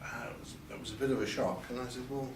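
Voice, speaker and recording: Fast and steady in tone, this older man's mid-range voice carries a candid interview about his past, full of hesitation, repeated words, and quotes delivered in a lifted voice. Recorded at an event venue with a distant mic, it sounds roomy, with faint ambience and slight background noise.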